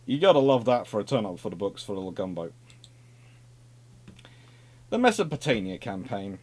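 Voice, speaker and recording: The naval history talk continues informally, the man speaking at normal speed in a fairly low voice. He keeps it lively and chatty, with asides and phrases he repeats.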